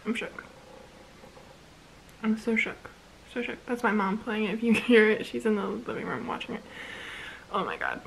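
A young woman vlogger reacting excitedly at home, gushing and repeating herself with lots of fillers in casual chat. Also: medium pitch, normal speed, creaky, long pauses, slight background noise, low-quality recording.

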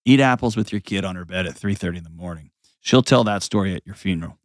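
A man's voice: sits low, fast, no echo, studio quality. A man hosting an advice show, talking bluntly and animatedly, slipping into mocking voices. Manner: blunt, animated, mimics voices mid-sentence. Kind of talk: casual advice talk.

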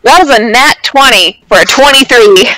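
Bright lively player with dry close sound. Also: medium pitch, moderate pace, no room sound, rough recording. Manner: playful, laughs often, bold jokes. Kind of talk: casual tabletop play.

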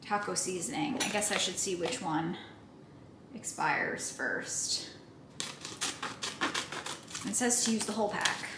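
A woman's voice: on the low side, slow pace, long pauses. Chatty young woman, echoey kitchen. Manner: chatty, playful, swears casually, talks to camera. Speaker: vlogger. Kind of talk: casual vlog chat. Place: home kitchen. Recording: echoey room, faint background hiss.

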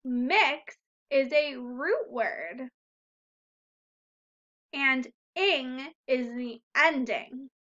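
Woman teacher, high voice, unhurried phonics delivery for young kids; dull lo-fi audio. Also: animated, bright, forceful tone. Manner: slow, deliberate, sounding out words and syllables. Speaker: first-grade teacher. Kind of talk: recorded phonics lesson for young children.

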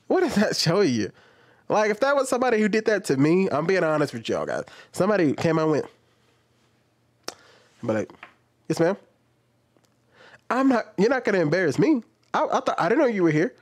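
A man giving casual reaction commentary on a clip, animated and laughing, acting out retorts in a lower mock voice. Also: brisk, long pauses.

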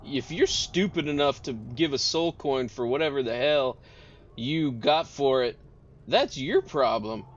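A man's voice: mid-range voice, expressive, unhurried, close to an everyday voice. A man voicing a blunt, swearing female boss of a fort in a tabletop game, on dull lo-fi audio. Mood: exasperated. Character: foul-mouthed tough female fort boss. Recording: dull lo-fi audio, faint noise.

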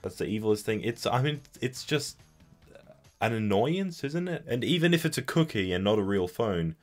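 A young man hosting comedy commentary, sarcastically reading and mocking bad memes with loud outbursts and put-on voices. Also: fairly low pitch, expressive, normal speed, soft background music.

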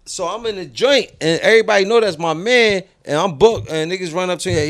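A man's voice: high-pitched, fast talker, hardly any pauses, fairly bright tone, dry recording, studio quality. A man from Philadelphia with a Philly accent, a podcast guest telling laid-back stories, swearing freely and acting out his friends. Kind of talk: casual storytelling.

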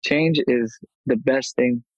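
A man in his thirties, a martial arts instructor, telling his life story openly in a casual podcast interview, animated when he retells scenes. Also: mid-range voice, slow, dry recording, lo-fi sound.

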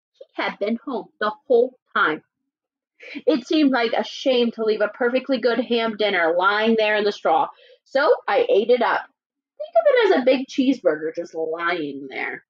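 A woman reading as a sly, chatty storybook wolf. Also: a little high. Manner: lively, storytelling, playfully indignant. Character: sly, chatty male wolf telling his side. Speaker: teacher. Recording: dull lo-fi recording.

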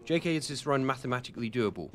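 A man's voice: medium pitch, animated, racing, a little hiss or hum. A young British man streaming a game, rambling casually with lots of ums and self-deprecating jokes while he answers chat. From United Kingdom. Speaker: gaming streamer. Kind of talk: casual live-stream commentary while playing.

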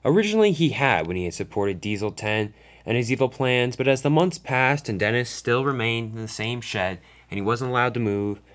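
A man's voice: medium pitch, animated, brisk, a bit bright. A man casually narrating a toy train story, loose and unscripted, with frequent restarts.

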